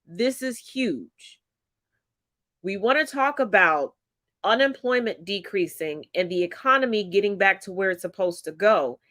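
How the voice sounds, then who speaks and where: Reading figures with careful deliberation, a woman fronts a solo political commentary show while clearly congested. She has a mid-range, slightly bright voice, with no room sound in the recording.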